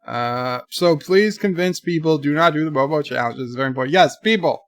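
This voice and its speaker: A man's voice: a little high, brisk, no room sound. A man streaming live, reading viewer letters aloud and answering them in a rambling, jokey way. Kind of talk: casual live-stream chat.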